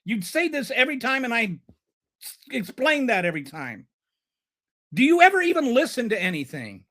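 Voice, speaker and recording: A man's voice: very high voice, very animated, normal speed, bright, forceful tone. A man hosting a live stream and ranting about politics. He is heated and sarcastic, and he stumbles and repeats words when he gets flustered.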